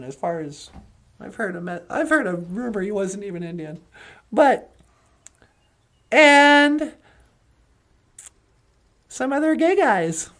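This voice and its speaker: A woman's voice: medium pitch, big pitch swings, slow, pauses often, a bit bright. A woman rambling through a comedic story as a cartoon narrator, chatty and offhand. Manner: chatty and rambling, switching into character voices.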